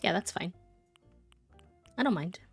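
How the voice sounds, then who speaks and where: A woman's voice: on the low side, animated, measured pace, gravelly, slightly rough, soft background music. A young woman streaming a game live, chatting in a rambling way, answering her chat and thanking subscribers. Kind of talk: casual live-stream chat while gaming.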